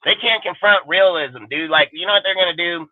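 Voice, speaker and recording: A man's voice: high voice, brisk, no room sound. A man hosting a fan livestream, ranting in an angry, profane and defiant way. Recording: dry, phone-like narrow sound.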